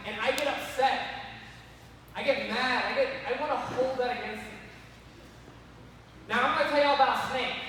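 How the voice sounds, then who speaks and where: A man preaching to kids, animated and repeatedly calling them to listen. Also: extremely high pitch. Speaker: youth speaker. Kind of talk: sermon to kids. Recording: echoey hall from far off, faint noise.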